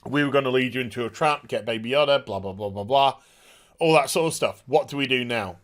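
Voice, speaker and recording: A man casually recapping a TV episode, excitable and full of scene retellings. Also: mid-range voice. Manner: excitable, retells scenes with rough impressions and sound effects. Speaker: TV show reviewer.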